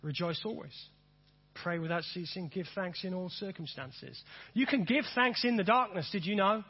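A man preaching a sermon, repeating phrases and swinging from soft to emphatic. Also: sits high, moderate pace, husky, dull audio. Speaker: pastor.

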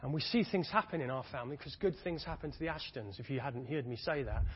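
Fervent preacher in an echoing hall. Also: male voice, mid-range voice, quick pace, husky. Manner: fervent, rising and falling, repeats phrases. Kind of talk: sermon. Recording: dull reverberant hall sound.

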